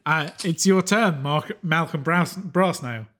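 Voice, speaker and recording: A man narrating and running a tabletop game as game master, with many fillers and pauses. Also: fairly high pitch, bright, forceful tone.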